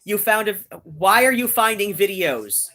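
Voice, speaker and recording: A woman's voice: medium pitch, animated, measured pace, fairly bright tone. A woman hosting a live stream, chatting casually and rambling with many restarts, talking straight to her viewers. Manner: talks straight to viewers in chat.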